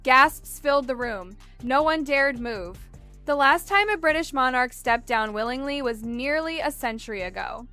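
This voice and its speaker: A woman telling a dramatized story in a measured, dramatic scripted narration. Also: sits high, lively intonation, bright, forceful tone, smooth, soft background music.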